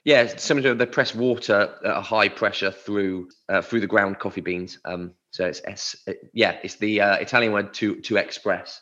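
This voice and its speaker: A man's voice: lowish voice, fairly even intonation, normal speed, hardly any pauses, fairly bright tone, lo-fi sound. A man co-hosting a podcast, chatting casually and rambling through word origins. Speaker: podcast co-host. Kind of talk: casual chat.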